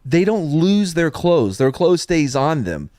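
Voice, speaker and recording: A man's voice: fairly high pitch, very animated, measured pace, warm tone, no echo, studio quality. A man on a podcast panel explaining things in a wry, casual way.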